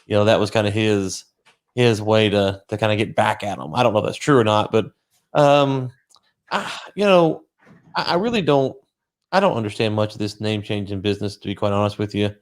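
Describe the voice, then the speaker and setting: A man's voice: on the low side, a little fast. A man co-hosting a casual chat show who talks hesitantly, agrees easily and fills gaps with "um.". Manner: hesitant, agreeable, lots of ums. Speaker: podcast co-host.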